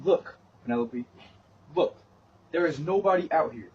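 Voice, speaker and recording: Man coaxing his dog, very high lively voice, distant, dull lo-fi sound. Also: normal speed, creaky, long pauses, slight background noise. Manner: coaxing, repeating himself. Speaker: dog owner. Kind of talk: talking to pets. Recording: dull lo-fi, far from the mic.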